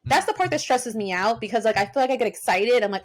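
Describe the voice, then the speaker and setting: Young woman, high voice, casual podcast chat, animated, swears a lot. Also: fast. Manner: animated, swears freely, acts out her own reactions. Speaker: podcast co-host.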